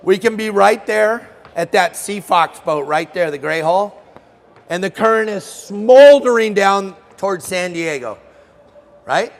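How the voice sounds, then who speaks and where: A man's voice: sits high, a little slow. A middle-aged man giving a live fishing seminar, joking with and quizzing the audience by name. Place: trade show hall. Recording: long hall reverb.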